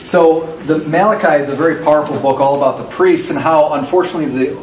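A man leading a Bible study class, explaining passages and repeating key words for emphasis. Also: on the high side. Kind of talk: teaching a scripture class. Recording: echoey room, distant mic, faint noise.

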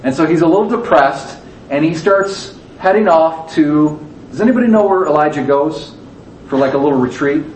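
A man's voice: fairly high pitch, expressive, moderate pace, darkish tone. Man teaching a Bible class in an echoey room. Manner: conversational, asks the audience questions, acts out quotes. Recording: echoey room, distant mic, faint background noise.

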